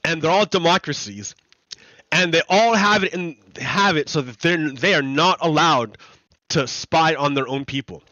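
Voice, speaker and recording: The speaker is a livestream host from the United States whose voice is fairly high, pushed, and bright at a moderate pace. He gives casual commentary in a chatty way, laughing frequently and restating his points, recorded dry with no echo and slightly dull lo-fi quality.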